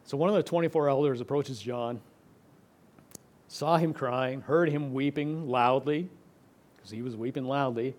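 Man preaching with loud and hushed swings. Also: medium pitch, measured pace, pauses often. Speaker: pastor. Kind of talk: sermon.

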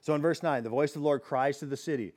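A man's voice: a little high, fast talker, darkish tone. A man preaching an expository sermon in a conversational way, often restarting phrases and asking rhetorical questions. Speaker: pastor teaching a Bible study.

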